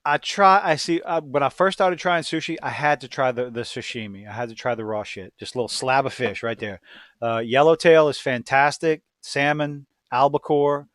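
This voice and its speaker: A man's voice: medium pitch, normal speed, a bit bright, dry recording, clean studio sound. A man from Louisiana with a Cajun accent, hosting a podcast in casual, profane, rambling chat that drifts into tangents. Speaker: podcast host.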